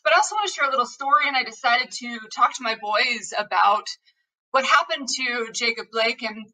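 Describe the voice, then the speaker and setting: A woman's voice: on the high side, lively intonation, fairly quick, pushed and bright, recorded from a distance, poor audio. A woman hosting a podcast, giving an earnest, impassioned opening monologue and repeating her calls to action. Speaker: podcast host.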